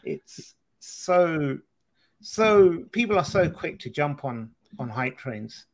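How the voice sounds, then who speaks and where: A man with a fairly high, gravelly voice, chatting casually as a podcast co-host. He makes wry quips and chuckles at the absurd bits. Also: very animated, slow pace. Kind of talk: casual chat.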